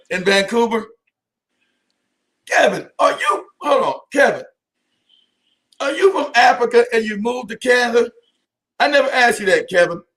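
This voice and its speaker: A man hosting a casual live stream, talking to viewers by name, animated and often laughing. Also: high voice.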